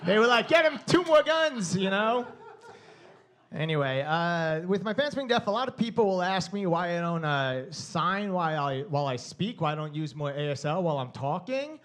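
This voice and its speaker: A young male comedian with a Long Island accent does a brash, profane stand-up set. His voice is fairly high and his pace normal, and he stays animated while swearing often.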